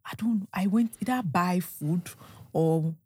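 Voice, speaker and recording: Nigerian woman guest, young, animated storyteller, dry close sound. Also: lowish voice, a little slow, breathy edge, no echo. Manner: animated, acts out dialogue, laughs often. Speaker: podcast guest. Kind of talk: casual storytelling chat.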